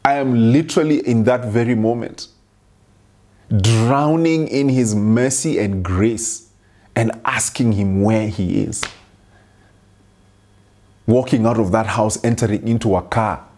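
A man's voice: medium pitch, darkish tone. A young adult man preaching a sermon, mixing scripture with an earnest personal story and repeating phrases for emphasis.

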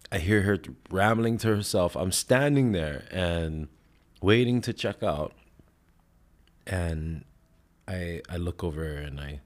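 Deep-voiced man, laid-back and profane. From Hawaii. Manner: rambling, heavy swearing, laid-back storytelling. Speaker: podcast host. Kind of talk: casual chat.

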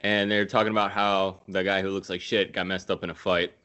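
A man's voice: low-pitched, flat delivery, a little fast, bright, forceful tone. A man casually recapping a movie scene by scene, swearing freely and laughing at his own jokes. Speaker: podcast host recapping a film.

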